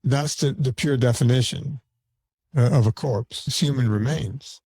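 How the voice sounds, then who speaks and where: A man's voice: mid-range voice, a little slow, warm tone, slightly rough, no room sound. A man guesting on a podcast, talking in a blunt, argumentative way with frequent stammered restarts. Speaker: podcast guest, documentary filmmaker. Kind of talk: casual podcast conversation.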